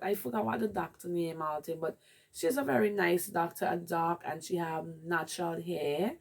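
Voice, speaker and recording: A woman's voice: fairly low pitch, normal speed, gravelly. A woman with a Jamaican accent candidly telling a rambling personal story in a vlog. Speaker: vlogger.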